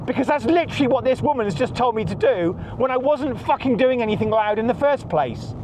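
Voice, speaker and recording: Middle-aged man, podcast host, stressed and agitated, swearing rant in a fairly high voice. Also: background noise. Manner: angry, heavy swearing, repeats himself. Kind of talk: ranting monologue.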